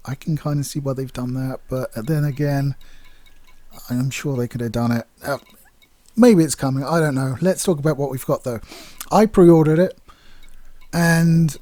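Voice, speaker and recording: A man's voice: mid-range voice, dark tone, no echo. A man giving a casual, candid video game review, chatty and rambling with plenty of fillers.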